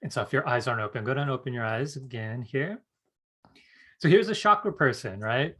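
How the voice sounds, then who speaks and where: A middle-aged man teaching an online workshop, telling a personal story with lively acted-out quotes. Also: medium pitch, fairly quick. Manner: animated storyteller acting out quoted voices. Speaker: psychic development teacher.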